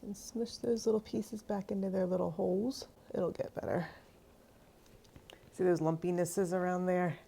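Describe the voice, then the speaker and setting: A woman's voice: fairly low pitch, steady tone, moderate pace, gravelly, mellow, a little hiss or hum. A woman hosting a home kitchen cheesemaking vlog, chatty and exasperated with a self-mocking streak. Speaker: cheesemaking channel host. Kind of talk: casual kitchen vlog talking to camera.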